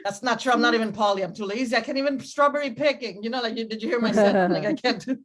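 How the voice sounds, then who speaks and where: A middle-aged woman with a fairly high voice performs stand-up on a club stage. She rambles, loses her thread, and laughs at her own lines. She talks into a handheld stage mic. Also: quick pace. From Cambodian family. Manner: rambling, self-interrupting with giggles. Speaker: stand-up comedian. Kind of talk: stand-up set. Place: comedy club stage with audience.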